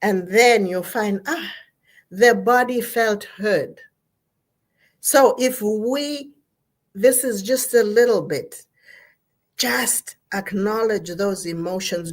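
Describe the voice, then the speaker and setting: Woman, therapist, slow measured talk, emphatic, repeats key words. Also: mid-range voice. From Zambia. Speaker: therapist speaking at an online gathering. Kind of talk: motivational talk on mental health.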